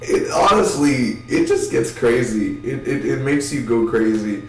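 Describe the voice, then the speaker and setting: A man's voice: medium pitch, unhurried, recorded from a distance. Rambling male film reviewer, roomy sound. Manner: rambling, animated, swears casually. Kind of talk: casual spoken film review.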